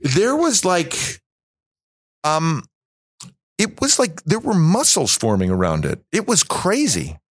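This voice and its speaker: A man's voice: fairly high pitch, huge pitch swings, slow pace, pauses often, slightly rough, dry recording. Rambling self-mocking man, dry close sound. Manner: rambling, self-mocking, many fillers and restarts. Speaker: podcast guest. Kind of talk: casual chat.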